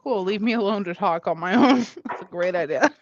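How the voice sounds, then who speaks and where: A woman's voice: medium pitch, fairly quick, noisy background. A young woman from Maine, tipsy and boisterous, swearing and laughing often in casual live-stream chat. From Maine, USA. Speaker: guest co-streamer. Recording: dull lo-fi stream audio.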